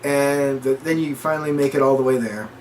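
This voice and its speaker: A man's voice: mid-range voice, fairly quick, slight background noise. A man co-hosting a casual chat, retelling a story with lots of quoted dialogue and restarts. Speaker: podcast co-host.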